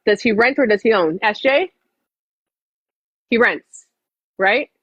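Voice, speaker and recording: Woman streamer, casual live chat, swears freely, very animated pitch, muffled audio. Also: slow pace, slightly rough, dry recording. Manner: profane, blunt and chatty. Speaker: livestreamer.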